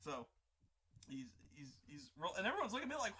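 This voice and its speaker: A man hosting an art livestream, casually telling a profane, animated tabletop game story in a stop-start way. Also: sits high, fairly quick, husky. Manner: animated, profane, full of restarts and acted-out voices. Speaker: artist livestream host.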